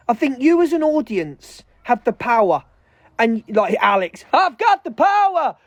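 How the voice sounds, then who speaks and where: A woman's voice: fairly high pitch, darkish tone, no room sound. A woman streaming live, furiously ranting with heavy swearing and calling out other creators. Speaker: livestreamer. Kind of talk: angry livestream rant.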